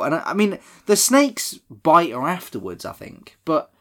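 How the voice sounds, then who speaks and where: A man's voice: on the high side, huge pitch swings, measured pace, bright, forceful tone. A man, casually recapping a horror film with a co-host, laughing often and swearing. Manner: laughs often, swears, acts out quoted lines. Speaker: podcast co-host.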